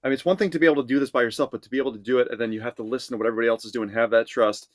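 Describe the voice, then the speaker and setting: A man's voice: medium pitch, fairly even intonation, rapid-fire, no room sound, clean studio sound. A man co-hosting a reaction show, asking questions and enthusing about the music in casual chat. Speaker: co-host, songwriter.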